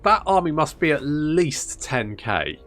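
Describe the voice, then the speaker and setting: A man's voice: a little high, big pitch swings, a little slow, fairly bright tone. A man commentating a strategy game in casual let's-play style, sarcastic and swearing as he grumbles at the game. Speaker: gaming YouTuber.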